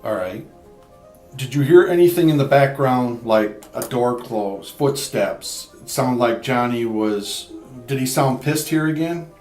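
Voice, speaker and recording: A man's voice: medium pitch, lively intonation, unhurried, darkish tone, soft background music. A man questioning a witness as a police detective, with blunt, probing questions. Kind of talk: interrogation interview. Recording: echoey interview room tape.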